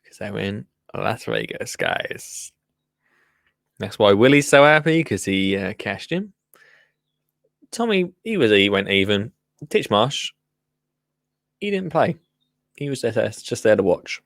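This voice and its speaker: A man's voice: on the low side, very animated, takes it slowly, vocal fry, long pauses, fairly bright tone, no room sound, clean studio sound. A man hosting a podcast, casually commenting on a TV show with teasing, joking asides. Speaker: podcast host.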